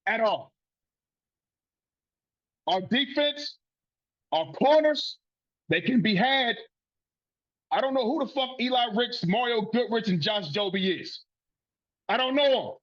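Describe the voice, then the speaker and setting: Male sports podcast host, high husky voice, heated profane rant, lo-fi recording. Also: sing-song, takes it slowly, long pauses, a bit bright. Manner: profane, fired-up and ranting.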